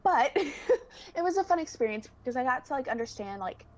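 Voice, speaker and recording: A woman's voice: high-pitched, very animated, a little fast. A young woman, a singer guesting on a video call, chatting casually, giggling and saying "like" a lot. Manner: chatty and giggly, fills speech with "like". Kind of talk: casual chat.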